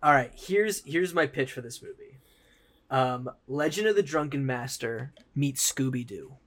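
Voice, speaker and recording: A man co-hosting a podcast, casually and excitedly pitching films with many fillers. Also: measured pace. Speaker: podcast co-host. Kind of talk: casual chat.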